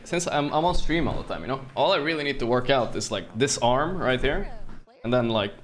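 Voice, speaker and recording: A man's voice: medium pitch, expressive, brisk. Laid-back, foul-mouthed male streamer. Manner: loose and profane, drifting into jokey asides. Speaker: streamer host. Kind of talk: casual chat while co-watching a match.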